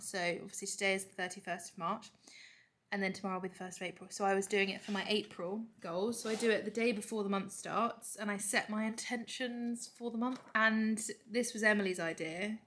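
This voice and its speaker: A young woman vlogging in a relaxed, chatty way, talking straight to her handheld camera with quick asides. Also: mid-range voice, slight background noise. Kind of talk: casual vlog chat. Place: home, then an outdoor restaurant. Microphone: handheld camera or phone.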